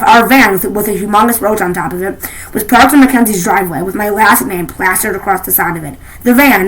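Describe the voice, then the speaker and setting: A woman reading a children's novel aloud, expressive, with frequent restarts. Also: medium pitch, low-quality recording. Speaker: reader.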